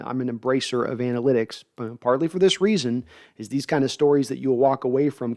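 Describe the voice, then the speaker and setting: Middle-aged male streamer host, animated, rambling, reading viewer chat live. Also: mid-range voice. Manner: animated, hyped, rambling with restarts.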